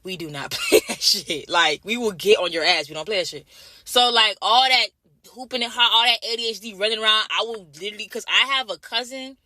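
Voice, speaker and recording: A woman's voice: mid-range voice, a little fast, sharp tone, dry recording. A woman from Jamaica in a casual vlog, ranting bluntly and profanely, repeating her points over and over. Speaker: vlogger.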